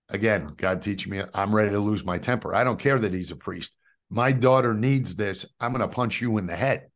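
A man, telling a personal faith story as a guest, jumping from loud outbursts to hushed asides. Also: lowish voice. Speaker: guest giving a faith testimony. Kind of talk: animated storytelling.

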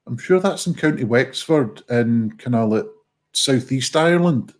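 A man's voice: mid-range voice, expressive, a little slow. A man, co-hosting a livestream, chatting casually with jokey, sweary, rambling banter. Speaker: livestream co-host. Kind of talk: casual stream chat.

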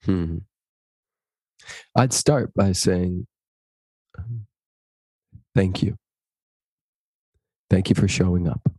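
A man's voice: low-pitched, extremely slow, pauses often, husky, dry recording, studio quality. A man, a guest in an interview, telling a personal story and acting out the dialogue in it. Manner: animated, acts out dialogue in his stories.

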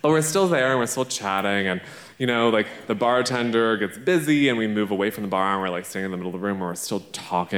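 A man, a drag performer, telling a playful, brash and profane story live on a theater stage. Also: lowish voice. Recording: echoey theater stage recording.

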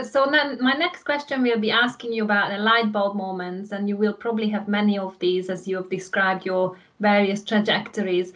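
A woman's voice: medium pitch, fairly bright tone. A woman hosting a podcast interview, asking questions in an encouraging way. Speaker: podcast host. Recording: slightly muffled, lo-fi line.

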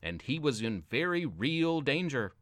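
A man reading a children's adventure story aloud with expressive, dramatic narration. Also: medium pitch, a little slow, no echo, studio quality.

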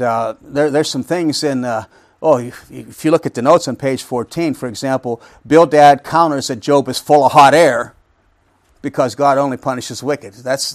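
A man's voice: medium pitch, dry recording, studio quality. A middle-aged man teaching a Bible study, reading scripture aloud, then explaining it with rhetorical questions and frequent restarts.

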